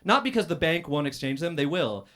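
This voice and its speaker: Man doing a stand-up roast. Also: fairly high pitch. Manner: deadpan, dry delivery with many "uh" pauses and loud outbursts. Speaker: stand-up comedian in a roast battle. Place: comedy club stage.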